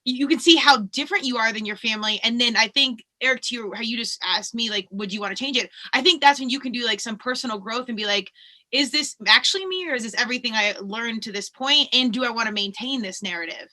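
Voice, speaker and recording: Woman podcast host, casual chatty delivery, slightly high voice, brisk. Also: pushed and bright. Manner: quick, bubbly, lots of "like" fillers. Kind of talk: casual conversational podcast chat.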